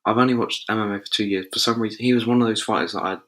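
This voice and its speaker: A man's voice: on the low side, fairly even intonation, very fast, fairly bright tone. A man hosting a casual show, giving fight predictions in a chatty, think-aloud way with loose slang. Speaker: MMA show host.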